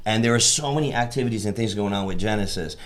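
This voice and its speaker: A man's voice: fairly low pitch, quick pace. A middle-aged man hosting a casual church podcast, enthusiastic and calling his guest "man" a lot. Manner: enthusiastic, repeats "man" often. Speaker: podcast host and church leader. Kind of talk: casual conversation.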